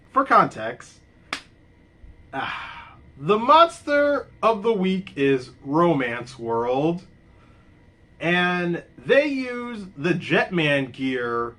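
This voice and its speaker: A man casually reviewing a show, rambling and laughing, with loud excited outbursts. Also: fairly high pitch. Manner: rambling, laughs often, exclaims loudly.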